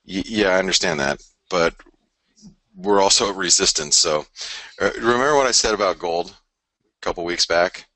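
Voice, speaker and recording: A man with a very deep, forceful voice hosts a live forex webinar in the early morning, sounding tired after an early start. He rambles in a casual way, full of fillers and restarts, and he repeats his key phrases. The recording is close and dry. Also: moderate pace, pauses often, no echo. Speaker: forex trading webinar host.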